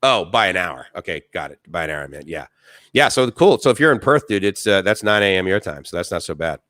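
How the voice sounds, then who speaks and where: Bright-voiced, chatty man on a live stream. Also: deep voice, quick pace, no echo. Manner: enthusiastic, talkative, animated storytelling. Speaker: co-host. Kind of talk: casual live-stream chat.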